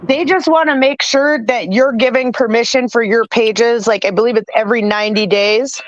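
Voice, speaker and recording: A woman's voice: a little high, steady tone, moderate pace, no echo, highs cut off. A woman hosting a storm-chase livestream, chatting casually and explaining things step by step. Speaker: stream host.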